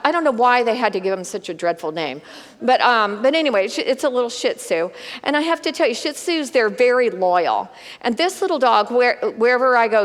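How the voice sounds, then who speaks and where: Woman leading a women's Bible study, lively and chatty, fairly high voice, echoing large room. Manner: conversational, animated, talks straight to the group.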